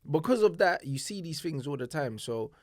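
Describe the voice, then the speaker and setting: A man's voice: fairly high pitch, lively intonation, normal speed, darkish tone, no room sound, clean studio sound. A man co-hosting a casual sports podcast, reasoning in a laid-back way with street slang. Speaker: podcast co-host.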